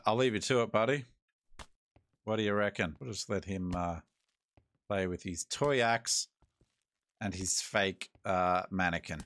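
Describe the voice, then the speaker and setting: Australian male gaming host, lowish voice, relaxed wisecracking let's-play commentary. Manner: laid-back, joking, talks to himself.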